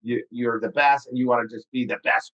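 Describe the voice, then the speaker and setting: A man's voice: medium pitch, steady tone, brisk, a bit bright, lo-fi sound. A man hosting a podcast interview, asking pointed questions emphatically and repeating words as he presses a point. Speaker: podcast host. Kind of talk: casual interview talk.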